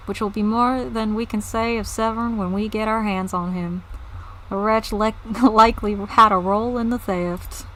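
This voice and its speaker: A woman voicing a gruff, stern male farm boss in a put-on Southern US accent as she reads game dialogue aloud. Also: medium pitch, sharp tone, close to an everyday voice, low-quality recording.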